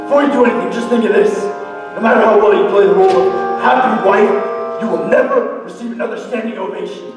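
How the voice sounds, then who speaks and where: A man's voice: sits high, fairly quick, lo-fi sound, lightly acted. A teenage boy in a school stage musical, playing a smug, scheming producer with a coaxing, sly manner. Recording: echoey hall from far off, music behind.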